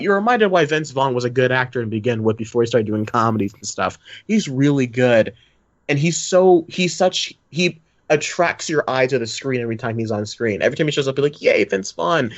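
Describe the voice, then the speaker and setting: A man's voice: mid-range voice, brisk, no room sound. A man hosting a podcast, talking about movies in an enthusiastic, rambling way. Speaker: podcast host. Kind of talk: casual movie review chat. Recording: dry, dull lo-fi recording.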